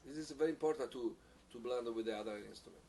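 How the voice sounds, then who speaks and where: His voice is a man's ordinary middle pitch with a darkish tone, recorded at a distance with a faint hiss. He teaches a piccolo masterclass and answers questions, feeling his way through with hesitations, repeated words, and non-native phrasing.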